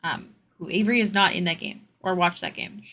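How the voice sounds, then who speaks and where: A woman's voice: lowish voice, normal speed, sharp tone. A young woman streamer chatting casually with her viewers while she draws, answering their questions in rambling asides.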